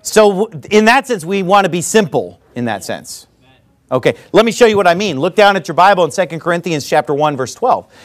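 A man preaching a sermon in church, animated and mocking, with frequent laughing asides. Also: high-pitched, brisk. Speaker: pastor.

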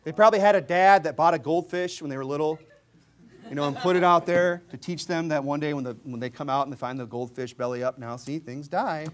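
A man in full sermon mode, his voice set a little higher than most men's. He drops to quiet, mocking asides, then climbs into loud, emphatic shouts as he reads scripture aloud. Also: brisk. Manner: mocking, mimics opponents' views. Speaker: preacher.

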